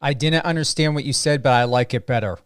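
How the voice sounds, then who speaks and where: A man from the United States hosting an interview, chatty with animated asides. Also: mid-range voice, fast, clean tone, no echo, clean studio sound. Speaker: interview host. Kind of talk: casual interview chat.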